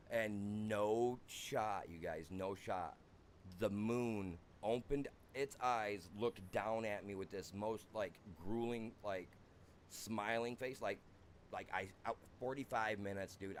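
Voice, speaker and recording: A man's voice: on the low side, a little hiss or hum. A young American man streaming a farming game, rambling through a wild personal story and saying "dude" constantly.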